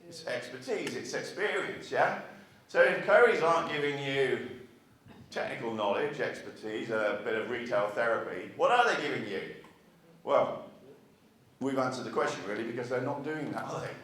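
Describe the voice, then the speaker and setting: A man's voice: mid-range voice, moderate pace, fairly bright tone, slight background noise. Man giving a speech in an echoey hall. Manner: chatty, asks the audience rhetorical questions. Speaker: marketing speaker. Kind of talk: conference speech to an audience. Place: meeting hall with a live audience. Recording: echoey hall, mic far off.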